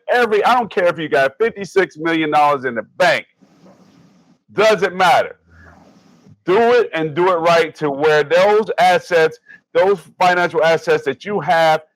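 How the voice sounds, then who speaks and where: A man's voice: on the high side, fairly bright tone, no room sound, low-quality recording. Angry, profane man ranting on a podcast. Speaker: podcast co-host. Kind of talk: heated sports podcast rant.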